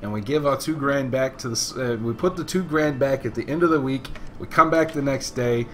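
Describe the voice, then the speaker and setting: A man's voice: mid-range voice, brisk, fairly bright tone, a little hiss or hum, lightly acted. A man playing a laid-back London weed dealer who calls everyone love. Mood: explaining.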